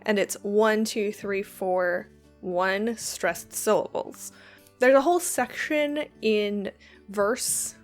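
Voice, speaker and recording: A woman who reads a poem softly, sinking into whispers at the line ends, then explains it in a chatty way with quick asides and ums. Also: medium pitch. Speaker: poetry reader and lecturer.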